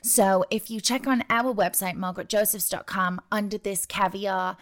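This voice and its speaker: A woman in her thirties co-hosts a casual podcast. Her northern English accent is blended with New York, and she speaks briskly and matter-of-factly. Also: medium pitch, steady tone. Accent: northern English mixed with New York. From north of England. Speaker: podcast co-host.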